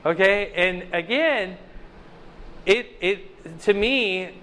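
A man's voice: sits high, very slow, bright, forceful tone. A man leading a bible study in a chatty, conversational way, asking the group questions.

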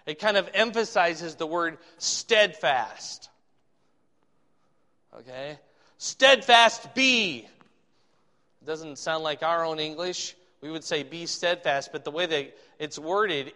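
Male pastor, slightly high and bright voice, verse-by-verse sermon, reverberant hall. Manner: reads scripture slowly and loudly, then explains conversationally. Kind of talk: expository sermon.

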